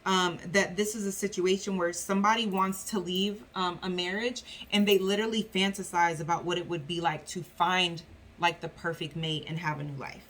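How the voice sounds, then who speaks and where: Speaking in a steady, slightly bright voice on the low side, a woman reads tarot for her viewers in a rambling, casual style full of fillers. She often acts out quick little voices for the spirits and people in her reading.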